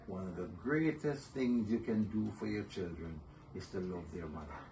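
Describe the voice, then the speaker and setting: An older man speaks as an interview guest in a low, gravelly voice at a moderate pace. He chats warmly, tells family stories and laughs often in casual conversation. The mic is distant and picks up faint noise.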